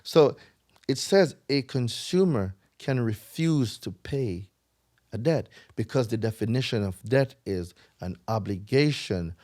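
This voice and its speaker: A man's voice: medium pitch, expressive, a little slow, darkish tone. A man with a Jamaican accent, a guest on a casual podcast, explaining credit repair in an emphatic, lecturing way and swearing freely.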